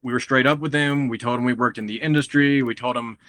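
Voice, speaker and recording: A man from Texas, a guest on a podcast, telling stories in a lively, casual way, often laughing and acting out what others said. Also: medium pitch, quick pace, dry recording. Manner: animated, acts out quotes of others, laughs often. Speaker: guest grower and breeder.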